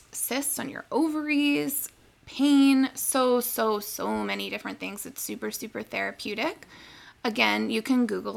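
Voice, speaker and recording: A woman co-hosting a podcast, explaining wellness tips in a friendly, casual way. Her voice is heavy with vocal fry at a mid pitch. She doubles words for emphasis as she walks listeners through each step. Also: fairly bright tone. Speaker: podcast co-host, nutrition advisor.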